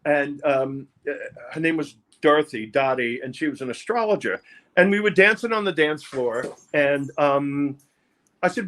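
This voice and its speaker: An older man, telling his life story haltingly in an interview, often repeating words. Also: a little high, fairly bright tone. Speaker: interview guest, music producer. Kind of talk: candid personal storytelling.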